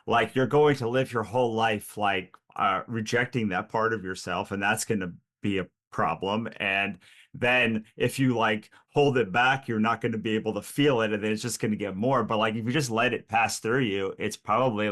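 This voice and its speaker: Lower-voiced man co-host, casual. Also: fairly bright tone. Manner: loose, thinking aloud with many fillers. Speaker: podcast co-host. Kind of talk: casual chat.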